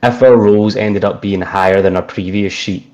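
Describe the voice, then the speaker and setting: A man's voice: fairly low pitch, fairly even intonation, normal speed, darkish tone, dull audio. A man playing a tabletop game, talking hesitantly with many fillers. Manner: hesitant, fills with um and like. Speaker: player. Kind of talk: casual chat at a tabletop game.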